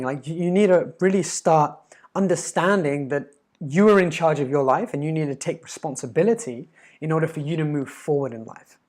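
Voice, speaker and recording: A man giving an earnest, emphatic motivational talk as a life coach, with quick stammered restarts. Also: fairly high pitch, darkish tone. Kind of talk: motivational monologue.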